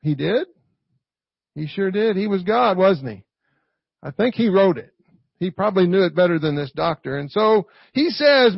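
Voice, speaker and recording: A man preaching in a high, gravelly voice with an easygoing, folksy delivery. He keeps tossing rhetorical questions to his listeners. The recording is dull and lo-fi, with a dry, close sound. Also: lively intonation, normal speed, long pauses, no echo. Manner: folksy, peppers points with rhetorical "right?". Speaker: pastor. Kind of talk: conversational sermon.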